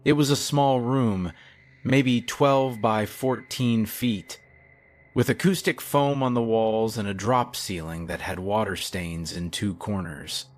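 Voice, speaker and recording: Male narrator, lowish voice, steady and hushed for a creepy story. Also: slow pace. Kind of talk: scripted horror narration.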